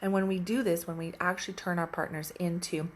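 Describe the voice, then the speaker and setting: A woman relationship coach telling a story in casual coaching talk, animated and emphatic, with lots of repetition. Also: lowish voice, fairly quick.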